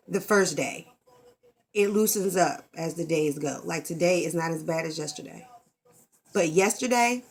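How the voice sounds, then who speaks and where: A woman, talking candidly and expressively in a casual vlog and swearing freely, into a camera mic. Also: on the low side. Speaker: vlogger.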